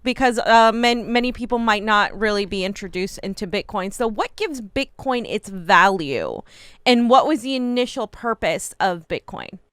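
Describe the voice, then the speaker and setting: A woman's voice: medium pitch, animated, normal speed, fairly bright tone, smooth, dry recording. A woman co-hosting an interview show, reading out questions to the guest. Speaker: co-host.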